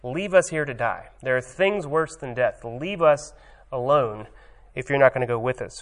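A man's voice: medium pitch, lively intonation, normal speed, few pauses. Man preaching a sermon from scripture. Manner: emphatic reading voice, loose and hesitant in commentary. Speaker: pastor. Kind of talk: sermon, reading scripture then commenting.

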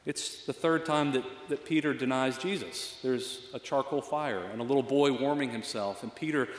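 A man's voice: medium pitch, moderate pace, roomy sound, in a large hall. A male pastor giving a reflective, conversational sermon with frequent fillers.

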